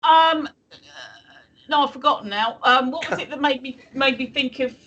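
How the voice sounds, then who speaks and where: A woman's voice: high-pitched, normal speed, pushed and bright, dull audio, slight background noise. A woman co-hosting a live stream chat show, rambling through restarts and fillers and laughing often.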